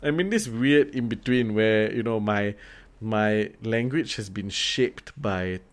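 A man with a fairly low voice and a Singaporean English accent chats in a relaxed conversational style. He gets animated as he talks, swears freely and fills gaps with plenty of "you know" and restarts. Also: slow. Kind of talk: casual conversation.

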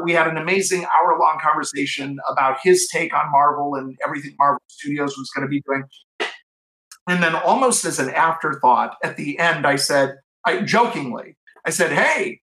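His voice runs on the high side with a sharp tone at normal speed, recorded in an echoey room with poor audio. He's a middle-aged author from Cleveland, USA, guesting in an interview and recounting anecdotes enthusiastically. Restarts and fillers crop up constantly.

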